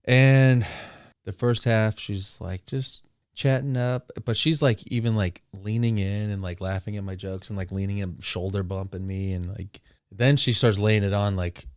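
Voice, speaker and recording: A man's voice: lowish voice, steady tone, normal speed, clear, resonant tone, no room sound. A man casually telling a long story, rambling with crude asides and laughs. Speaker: streamer.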